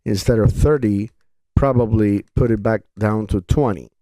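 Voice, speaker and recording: A man's voice: on the low side, moderate pace, mellow. A man reviewing tech gear in a hands-on demo, speaking English as a second language and thinking aloud with frequent restarts and fillers.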